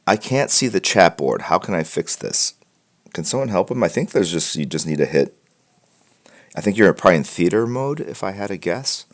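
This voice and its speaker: A man with a very deep voice and a rough, gravelly edge talks casually to a live stream audience. He rambles, jokes and restarts his sentences, with plenty of fillers. He wears headphones and talks from a room at home filled with comic books. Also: sing-song, moderate pace. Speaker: host of a live art portfolio critique stream. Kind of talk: casual livestream chat. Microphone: wearing headphones.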